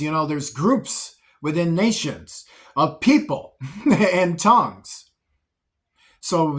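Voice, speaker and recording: A man's voice: a little high, a bit bright. A man giving a spoken Bible teaching, speaking in repetitive lists and often restarting his phrases. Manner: repetitive, list-like delivery with frequent restarts.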